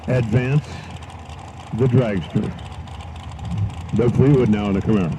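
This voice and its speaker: With a fairly low voice and a slightly slow pace, a man serves as announcer at an outdoor drag race, pairing race calls with folksy, joking asides. The live-stream audio sounds dull, swamped by loud track noise.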